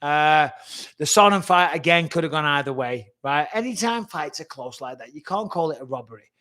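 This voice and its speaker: Fast-talking, blunt man with a fairly high voice. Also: expressive, sharp tone. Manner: fast, blunt and swearing, reading viewer questions aloud. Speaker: former fighter and commentator hosting a live Q&A. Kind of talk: casual live-stream Q&A.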